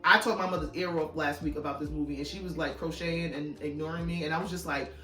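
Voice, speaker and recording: A woman's voice: low-pitched, fairly even intonation, quick pace, distant mic. A chatty, casual woman vlogging about her movie collection, swearing freely and rambling. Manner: chatty, swears casually, self-described yapper. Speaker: YouTuber reviewing her DVD haul. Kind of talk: casual vlog chat. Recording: echoey room, a bit off-mic, faint music.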